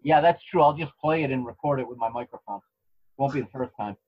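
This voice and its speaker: A man co-hosting a podcast, giving relaxed play-by-play of a fight with restarts and chuckles. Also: medium pitch, quick pace, husky, dull audio. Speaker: podcast co-host commentating a fight. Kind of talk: casual live fight commentary. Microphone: home microphone.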